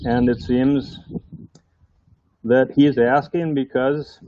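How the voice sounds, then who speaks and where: A man's voice: mid-range voice, no room sound, muffled recording. Man preaching a conversational sermon. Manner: conversational, asks the congregation rhetorical questions.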